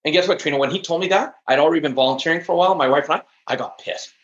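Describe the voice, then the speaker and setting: A man speaking as a guest on an interview podcast, telling stories with high energy and emphasis. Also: very fast, fairly bright tone. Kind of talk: interview conversation. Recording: echoey, dull lo-fi audio.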